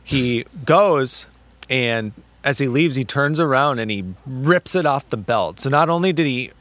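A man co-hosting a podcast, recounting a run-in in a loose, profane way. He voices every person in the story himself. His pitch sits in the middle of the range. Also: measured pace, no room sound. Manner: animated, profane storytelling with quoted exchanges. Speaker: podcast co-host. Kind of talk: casual storytelling chat.

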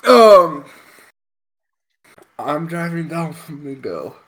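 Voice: mid-range voice, very animated, takes it slowly. A podcast co-host telling a road story casually, profane and exasperated.

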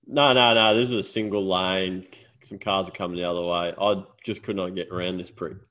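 A man's voice: low voice, steady tone, fairly quick, fairly bright tone. An Australian man co-hosting a podcast, telling stories in a casual, swearing way. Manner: swearing storyteller. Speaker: podcast co-host. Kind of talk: casual chat.

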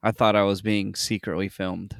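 A young podcast host with a lowish, gravelly voice tells a story at normal speed in casual chat, recorded cleanly in a studio with no room sound. His storytelling is animated; he swears freely and acts out the people he quotes.

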